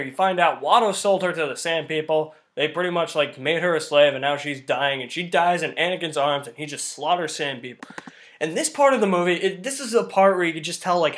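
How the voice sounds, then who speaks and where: A man's voice: on the high side, a bit bright. A man giving a casual movie review in an exasperated, ranting manner.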